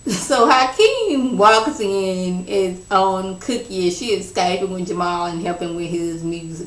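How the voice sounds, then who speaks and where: A woman's voice: fairly low pitch, lively intonation, unhurried. A woman giving a casual spoken TV episode recap, chatty and slangy, full of "you know" and "like". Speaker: TV episode reviewer. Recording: echoey room.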